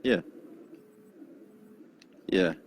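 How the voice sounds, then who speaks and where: A man talking over his phone from his girlfriend's grandmother's house, halting and stopping often to restart in a casual hangout chat. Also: a little hiss or hum. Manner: halting, full of fillers and restarts. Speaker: chat participant.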